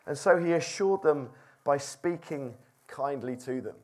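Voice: mid-range voice, lively intonation, unhurried, vocal fry. Preacher, informal Bible talk, conversational, questions the listeners. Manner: conversational, asks the audience questions. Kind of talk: informal Bible teaching to a group.

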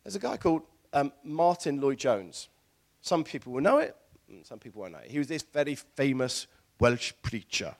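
A man preaching a sermon in church, animated, with laughing asides and repeated words. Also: medium pitch, moderate pace, vocal fry. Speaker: pastor.

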